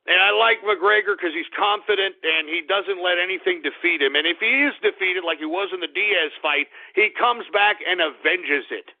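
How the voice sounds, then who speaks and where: A man's voice: sits high, normal speed, hardly any pauses. A middle-aged man hosting a talk radio show, ranting in a blunt, crude, opinionated way. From Texas. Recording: tinny phone-like radio audio.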